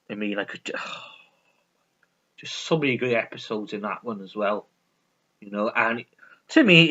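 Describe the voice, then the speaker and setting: A medium-pitched man with a sharp tone chats on his vlog, casually reviewing a sitcom. There's plenty of rambling, swearing, stumbling, and laughing, and the lo-fi recording sounds dull.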